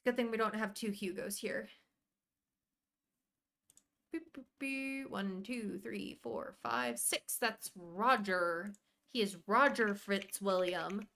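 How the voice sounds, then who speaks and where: Woman streamer, casual and chatty, mid-pitched voice, greets her chat while she plays. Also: takes it slowly, slight background noise. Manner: chatty, rambling, warmly greets viewers by name. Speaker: live streamer.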